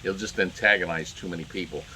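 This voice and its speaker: A man delivers opinionated solo commentary in a bright, forceful voice. He rambles and circles back, stacking up fillers and restarts as he grows indignant. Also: low voice, steady tone, quick pace, slight background noise. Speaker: political commentator.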